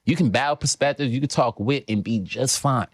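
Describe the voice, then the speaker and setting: A man's voice: medium pitch, fairly quick, slightly rough, no room sound, clean studio sound. A young man with a New York accent, a comedian guest on a podcast who speaks in an emphatic, profane way. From New York City. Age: young adult. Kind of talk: casual podcast chat.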